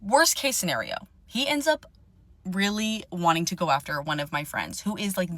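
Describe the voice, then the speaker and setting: A woman's voice: medium pitch, no room sound. Young woman, casual storytime rant, profane and fired up, dry recording. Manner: animated, profane, indignant.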